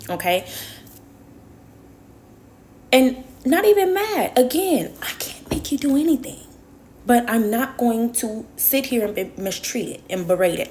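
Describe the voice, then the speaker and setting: A woman's voice: medium pitch, darkish tone, a little hiss or hum. A woman vlogger telling a personal story in a casual monologue, emphatic and repeating herself for stress, then giving earnest advice to her viewers.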